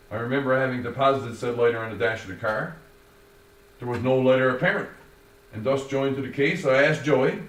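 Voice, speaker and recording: A man reading his own first-person story in a wordy, formal, measured way. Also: mid-range voice. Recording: roomy, distant, faint noise.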